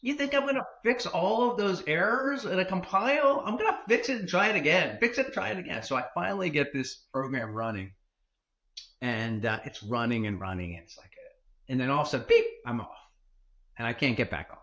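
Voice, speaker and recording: Animated male guest telling a story. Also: mid-range voice, normal speed. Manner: animated, with fillers and self-corrections. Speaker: guest, former tech executive. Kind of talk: storytelling in a podcast conversation.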